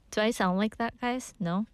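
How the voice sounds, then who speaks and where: Young female radio DJ, slightly high voice, chatty, reads listener mail, dry studio mic. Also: clean tone, no room sound. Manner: chatty, laughs often, mixes in Korean phrases. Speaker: radio show host. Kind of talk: casual radio chat reading listener messages.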